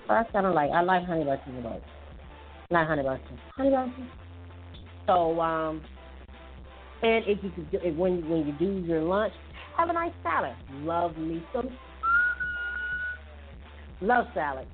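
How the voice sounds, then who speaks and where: A woman hosting a casual tips show, chatting loosely with many fillers and restarts. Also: low voice. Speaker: host giving health tips. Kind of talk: casual chat. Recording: tinny phone-like audio with faint music.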